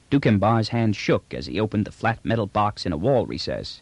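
A man reads an audiobook in a measured storytelling voice, his lowish tone roughened with gravel. His pitch moves expressively across each sentence. The sound is dry and close to the mic. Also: very animated, dry recording. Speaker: narrator. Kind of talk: audiobook narration.

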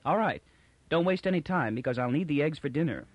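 A man doing a brisk, bossy woman. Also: fairly high pitch, expressive, dry recording, lo-fi sound, pitched above the performer's own voice. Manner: decisive, scolding.

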